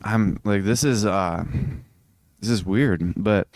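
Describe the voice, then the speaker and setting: A man's voice: lowish voice, takes it slowly, darkish tone, dry recording. A young man hosting a casual solo podcast, sleepy and yawning as he rambles through many fillers and restarts. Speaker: podcast host.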